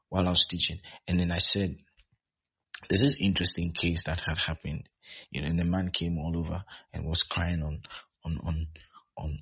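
A man's voice: low voice, sharp tone, breathy edge. A man preaching a sermon as pastor, exhorting with lots of repetition. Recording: dull lo-fi recording.

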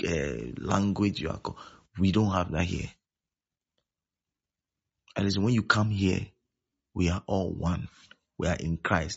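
Deep gravelly-voiced pastor preaching. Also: male voice. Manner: repeats himself, keeps asking if listeners follow. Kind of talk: sermon. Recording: dull lo-fi sound.

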